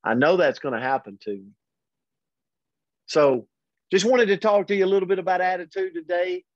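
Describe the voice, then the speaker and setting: A man hosting a daily motivational pep talk, earnest and energetic, speaking directly to his audience. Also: high-pitched, normal speed, no echo. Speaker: host and motivational coach. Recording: dull, lo-fi dry recording.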